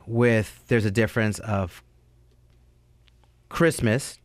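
A man with a lowish voice chats bluntly, swearing freely. The sound is dry and close. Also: steady tone, slow pace, no echo. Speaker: podcast co-host. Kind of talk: casual chat.

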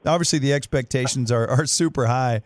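A man co-hosting a sports talk radio show, breaking down a play with animated retelling. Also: mid-range voice, brisk, dry recording. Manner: animated storyteller, acts out quotes. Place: radio studio.

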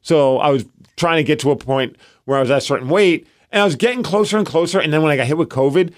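A man's voice: a little high, quick pace, no room sound, studio quality. A man in his thirties co-hosting a casual podcast, telling stories animatedly with lots of filler "like". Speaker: podcast co-host. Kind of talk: casual chat.

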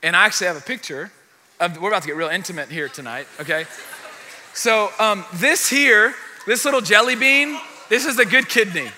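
A young man preaching a sermon, telling a personal story in an animated, self-deprecating way with asides to the congregation. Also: high-pitched, a little fast, slight background noise. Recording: long hall reverb.

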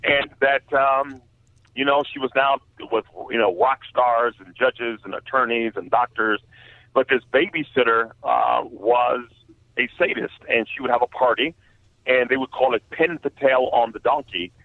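A man with a gravelly, creaky voice tells his story earnestly and haltingly, with many fillers. He comes through a narrow, tinny phone line with no room sound. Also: mid-range voice, steady tone, no room sound. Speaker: guest author. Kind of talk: personal testimony in a radio interview.

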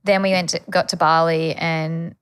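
A woman's voice: low voice, little pitch movement, clear, resonant tone. An Australian woman co-hosting a podcast, chatting with lots of "like" and some swearing. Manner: fast, filler-heavy chat, frequent "like", swears. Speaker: podcast co-host. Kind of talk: casual chat.

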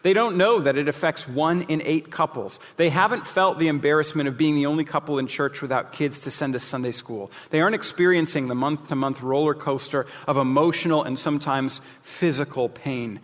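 Candid preacher in a reverberant hall. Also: male voice, fairly high pitch, a little fast, few pauses. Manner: candid, jokey, emphatic. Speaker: pastor. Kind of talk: sermon.

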